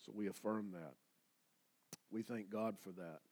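A pastor preaching a sermon, swinging between loud declarations and quiet asides. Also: male voice, lowish voice, a little slow.

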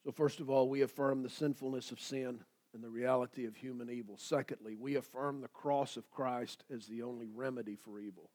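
A pastor preaching a sermon, swinging between loud declarations and quiet asides. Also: male voice, mid-range voice, fairly even intonation, fairly quick.

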